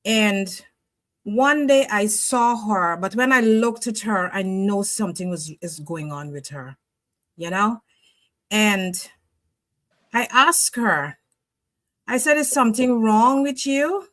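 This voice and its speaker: A woman slowly and earnestly telling a personal story in a group discussion, repeating phrases for emphasis and letting her voice drop soft at the ends of lines. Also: medium pitch. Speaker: discussion speaker sharing a client story.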